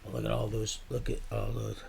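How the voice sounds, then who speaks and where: A man's voice: on the low side, completely flat delivery, fairly quick, gravelly, darkish tone, a little hiss or hum. A man streaming live, telling rambling, profane stories in a casual way. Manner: rambling, profane, swearing often. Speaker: livestreamer.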